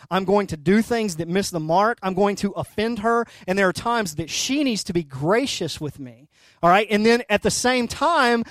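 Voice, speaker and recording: Animated male pastor with a dry, close sound. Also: sits high, no room sound. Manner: animated storytelling, swings from soft to loud, frequent "right?" and "okay?". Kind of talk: sermon.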